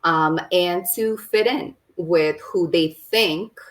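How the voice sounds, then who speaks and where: A woman who is a podcast guest and business owner, giving advice in a firm, deliberate way and stressing her key points. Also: lowish voice, low-quality recording. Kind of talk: conversational podcast interview.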